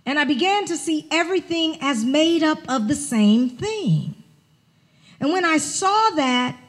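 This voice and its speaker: High-voiced woman telling a sermon story. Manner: animated, conversational storytelling. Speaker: spiritual director.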